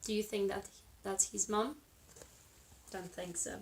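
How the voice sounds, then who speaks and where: A woman reading a picture book aloud to children, pausing to ask listeners questions. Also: medium pitch, fairly even intonation, vocal fry. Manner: asks listeners questions, lilting. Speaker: storyteller. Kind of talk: storybook read-aloud for children.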